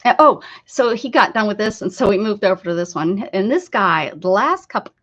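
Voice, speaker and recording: A woman's voice: mid-range voice, lively intonation, moderate pace, fairly bright tone. A woman with an American accent chatting casually on an art live stream, rambling, laughing and answering viewer comments. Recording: slightly dull lo-fi stream audio.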